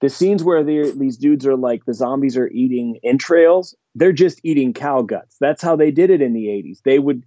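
A man talks in a loose, rambling way, full of fillers and eager asides. His voice is mellow and dark, on a dull lo-fi recording. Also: mid-range voice, normal speed, hardly any pauses, no echo. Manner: rambling, enthusiastic, heavy on fillers. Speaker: podcast guest. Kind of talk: casual chat.

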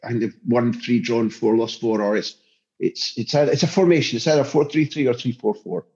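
A man's voice: mid-range voice, fairly quick, a little mellow. A football journalist speaking as a podcast guest, passionate and emphatic, often restarting his sentences. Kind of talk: podcast interview. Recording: dull lo-fi sound.

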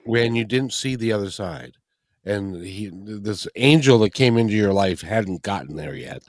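Male interviewer, lowish voice, measured and earnest, dry sound. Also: lively intonation, no room sound. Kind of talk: interview questions.

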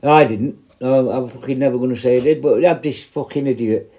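Blunt British man, ex-prison officer, foul-mouthed storyteller with a dark, mellow tone and mid-range pitch. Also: fairly quick. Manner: blunt, heavily profane, rambling with restarts. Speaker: former prison officer telling stories. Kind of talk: casual anecdote.

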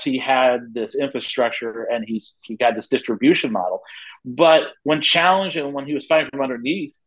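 A man's voice: mid-range voice, poor audio. Talkative man in his forties. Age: 40s. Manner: talkative storyteller, frequent restarts. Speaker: guest, head of a wrestling company. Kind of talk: casual interview answers.

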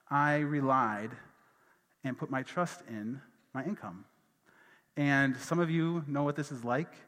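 Personal stories drive this pastor's sermon, which he tells casually with many fillers and asides in a medium-pitched, slightly bright voice. Long reverb from the hall trails his words.

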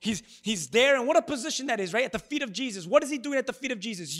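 A male pastor preaching an animated sermon to a congregation and calling for their responses. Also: extremely high pitch, fast. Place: church before a congregation.

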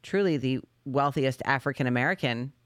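Smooth, clear-voiced mocking podcast host. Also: mid-range voice, normal speed, dry recording, studio quality. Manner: animated, mocking, sarcastic. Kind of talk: casual chat.

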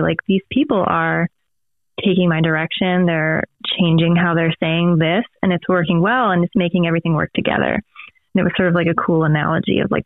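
Woman with a gravelly voice on a phone-like line. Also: on the low side, no room sound. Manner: rambling, full of fillers and tangents. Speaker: podcast guest, audio theater director. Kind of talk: casual interview chat. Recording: phone-like dry remote line.

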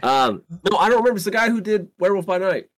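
A man's voice: high-pitched, expressive, racing, a bit bright, no room sound. A man co-hosting a casual movie podcast, tossing in jokey asides and wisecracks. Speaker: podcast co-host.

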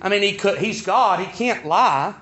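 Bright high-voiced preacher, lo-fi. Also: male voice, expressive, moderate pace. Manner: emphatic preaching, repeating words for stress. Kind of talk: sermon.

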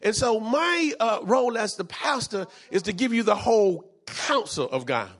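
A man's voice: sits high, animated, moderate pace, a bit bright, breathy edge. A man preaching a sermon as pastor, fervent and repetitive, dropping in frequent amens.

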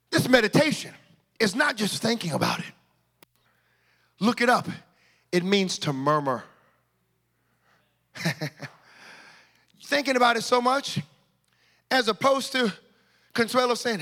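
A male pastor preaching a sermon, shouting in sing-song bursts and then dropping to quiet asides. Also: extremely high pitch, big pitch swings, takes it slowly, long pauses.

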